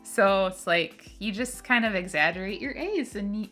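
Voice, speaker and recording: Giggly, bright-voiced Minnesotan woman. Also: mid-range voice, lively intonation, normal speed, soft background music. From Minnesota, United States. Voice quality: nasal. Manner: giggly, chatty, lots of fillers. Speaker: co-host. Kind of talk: casual chat.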